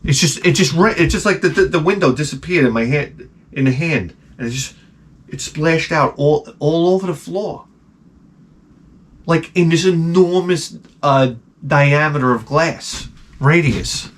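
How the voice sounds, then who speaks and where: A man vlogging in a casual, rambling storytelling way, sarcastic and sometimes loudly exasperated. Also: fairly high pitch, unhurried.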